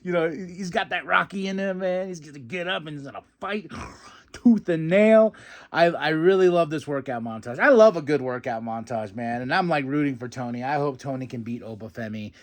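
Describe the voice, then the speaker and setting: A young man talking through a wrestling recap in a casual, animated way. His voice sits a little higher than most men's. He jumps into put-on voices to quote people and laughs between points. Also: moderate pace. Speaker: podcast host recapping wrestling.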